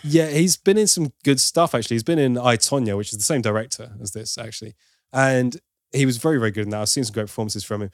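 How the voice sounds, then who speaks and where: A man's voice: medium pitch, fast talker, no echo, clean studio sound. A man giving an opinionated, casual film review as host, now and then mimicking for laughs. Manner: opinionated, playful mimicry of accents.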